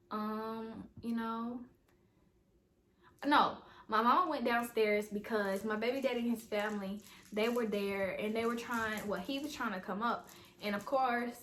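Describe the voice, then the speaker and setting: A young woman chats through a personal storytime for her viewers at home. Her voice sits in an ordinary middle pitch. She rambles loosely and addresses the audience directly, with a faint hiss behind her. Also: a bit bright. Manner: chatty, rambling, talks straight to viewers as "y'all". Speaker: vlogger. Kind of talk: casual storytime vlog.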